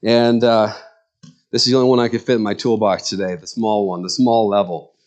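A man's voice: on the low side, fairly even intonation, a little fast, darkish tone. A middle-aged man, a pastor, preaching a sermon in an earnest, conversational way with personal stories.

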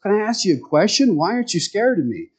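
A man's voice: sits high, big pitch swings, quick pace, pitched above the performer's own voice. A man putting on a menacing, pushy devil. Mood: puzzled.

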